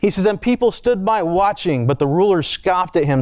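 A man preaches with a slightly high voice, talking to the congregation in a relaxed, conversational way. He reads scripture aloud, breaks off into asides and restarts his sentences as he goes. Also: moderate pace, hardly any pauses, dry recording. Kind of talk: sermon.

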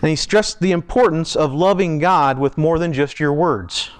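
A man preaching a sermon in a church, talking conversationally, asking the congregation questions and slowing down to stress key words. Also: smooth. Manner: slows down and lifts pitch for emphasis. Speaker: pastor.

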